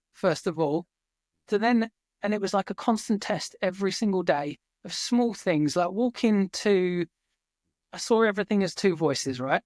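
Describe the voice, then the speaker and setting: A man's voice: sits high, no room sound, studio quality. A man speaking as a podcast guest, telling his story in an earnest, reflective way and swearing casually now and then. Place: remote farm in Norway.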